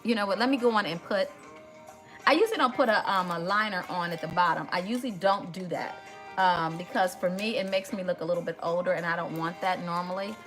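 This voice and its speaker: A woman's voice: on the low side, a little fast, a bit bright, soft background music. A woman hosts a casual makeup tutorial, chatty and emotional, talking straight to her viewers. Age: 50s.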